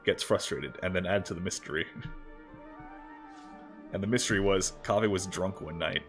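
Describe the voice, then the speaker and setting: A man with a low, deep voice chats casually through a game livestream. He jokes around and swears offhandedly as he plays. Faint music plays behind him. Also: normal speed, fairly bright tone. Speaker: VTuber game streamer. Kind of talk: casual gameplay livestream commentary.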